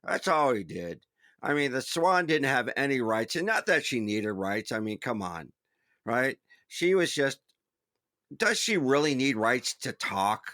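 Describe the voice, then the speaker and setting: A man's voice: medium pitch, very animated, unhurried, bright, forceful tone, no echo, clean studio sound. A man playing a crusty old-timer with outdated views, talking in a sly joking drawl. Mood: mock boastful.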